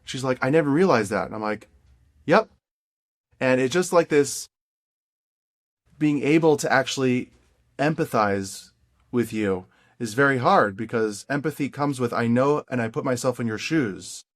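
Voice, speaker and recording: A man hosting a podcast interview, talking in a warmly encouraging and playful way, often repeating phrases. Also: medium pitch, lively intonation, moderate pace, pauses often. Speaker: podcast host. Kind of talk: casual interview chat.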